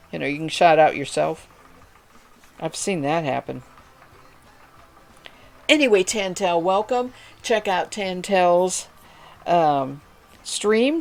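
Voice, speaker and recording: Woman, livestream host, casual rambling chat, slightly low voice. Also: darkish tone. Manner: chatty, friendly, rambling with fillers. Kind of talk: casual chat while spinning, reading chat aloud.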